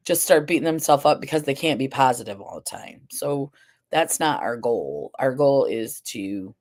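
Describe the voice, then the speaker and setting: A woman's voice: deep voice, darkish tone. A woman hosting a live stream, chatting casually with viewers, rambling a little with fillers and restarts, a bit groggy. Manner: addresses viewers and the chat directly. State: groggy, sleepy. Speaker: livestream host.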